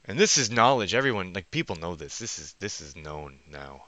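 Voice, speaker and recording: Man, low pitch but bright and forceful tone, restless profane monologue, keeps breaking off mid-thought. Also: lively intonation, normal speed, hardly any pauses. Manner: profane, restless, thinking aloud; self-interrupting, trails off mid-sentence. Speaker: vlogger. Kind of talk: rambling monologue.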